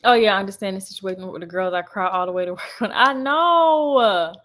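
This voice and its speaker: Hosting a laid-back livestream, a young woman reads viewer comments and talks straight to her audience, laughing often. Her lowish voice moves little in pitch but comes out rapid-fire.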